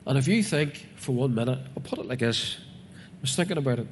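A man with a Northern Irish accent gives a sermon, reading Bible verses and unpacking them earnestly and conversationally for his listeners. His mid-range voice has lively intonation and a fairly quick pace. A little hiss or hum sits beneath the sound of a reverberant hall with faint ambience.

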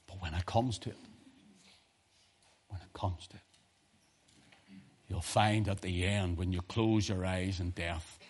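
With a low-pitched, slightly rough voice, this man delivers a sermon that begins as a hushed personal story and builds into loud preaching.

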